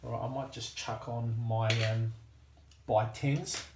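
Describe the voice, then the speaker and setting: A man's voice: medium pitch, fairly even intonation, a little slow, reverberant, heavy background noise. A man with an Australian accent chatting casually to himself and his viewers while working at a workbench, self-deprecating and easygoing. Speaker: hobbyist watchmaker.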